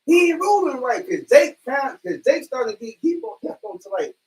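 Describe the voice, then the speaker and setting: High-voiced man ranting with profanity. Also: big pitch swings, normal speed, a little mellow, distant mic, poor audio. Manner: blunt and profane, swears freely. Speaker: member of a religious brotherhood. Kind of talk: heated casual chat.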